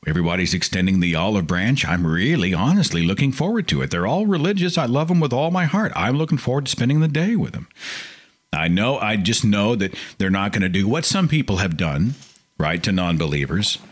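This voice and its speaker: A man's voice: fairly low pitch, fairly quick. A man hosting a call-in podcast, talking casually and with feeling. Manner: animated, mocking impressions of pious relatives. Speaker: podcast host. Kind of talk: casual call-in show monologue.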